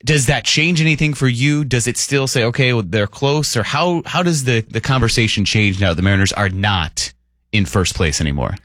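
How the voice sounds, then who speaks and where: A man's voice: medium pitch, fairly quick, a bit bright, no room sound. A man co-hosting a morning sports radio show from a studio, joking and reading listener texts aloud in an upbeat way. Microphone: studio microphone.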